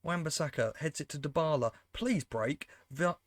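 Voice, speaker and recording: A man's voice: a little high, normal speed. A man giving casual, exasperated, sarcastic commentary on his football management game and talking to his viewers. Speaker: gaming commentator. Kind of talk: casual let's-play commentary.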